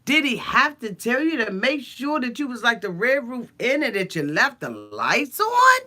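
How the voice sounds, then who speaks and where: A woman's voice: fairly high pitch, wildly swooping pitch, moderate pace, bright, forceful tone. A woman giving a blunt, profane, sassy comedic recap of a reality show, stammering through her asides.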